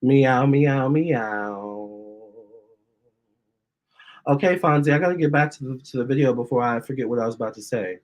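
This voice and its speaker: A man's voice: mid-range voice, steady tone, racing, hardly any pauses. A man, a tarot reader, chatting casually on his livestream, reading viewer comments aloud and cooing at his cats. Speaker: tarot reader and channel host.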